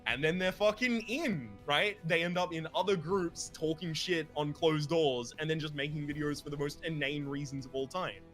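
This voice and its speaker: A man's voice: a little high, normal speed, few pauses, a bit bright, faint music behind. A man co-hosting a let's play, chatting casually while gaming in a rambling, opinionated way and swearing freely.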